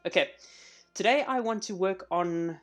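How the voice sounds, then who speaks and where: A man streaming a live coding session, chatting casually and thinking out loud as he works. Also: high voice, normal speed, faint music behind.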